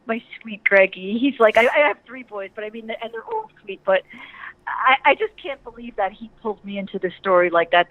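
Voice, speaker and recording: An older woman, a retired teacher, chatting warmly and emotionally as an interview guest, laughing often. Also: mid-range voice, dry recording. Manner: chatty, giggly, emotional and effusive. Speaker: interview guest, wrestler's mother. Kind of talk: casual interview chat. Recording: tinny phone-like line, dry.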